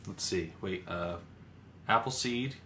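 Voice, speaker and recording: A man's voice: low voice, sharp tone. Podcast cohost guy, hesitant, lots of uhs, echoey room. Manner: hesitant, halting, many "uh"s. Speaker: podcast co-host. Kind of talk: casual podcast chat. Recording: echoey room with faint noise.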